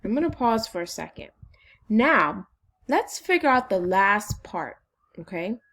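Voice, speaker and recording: A woman teacher leading a phonics lesson for children, slowly and encouragingly sounding out syllables. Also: medium pitch, very animated, a bit bright.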